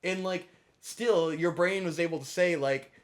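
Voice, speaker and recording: A young man co-hosting a let's play, giving casual gameplay commentary in a profane, ranting way that swings from mumbling to shouting. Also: a little high, unhurried.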